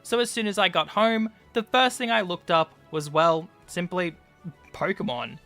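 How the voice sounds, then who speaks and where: A man's voice: sits high, normal speed, bright, forceful tone, faint music behind. A young man, a YouTuber, giving casual scripted narration over a video game, chatty and full of "like" and "you know".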